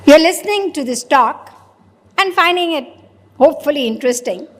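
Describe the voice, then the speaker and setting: A woman's voice: sits high, animated, normal speed, a bit bright. A woman giving a sermon, asking the audience rhetorical questions and answering them herself. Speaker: spiritual preacher. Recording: long hall reverb.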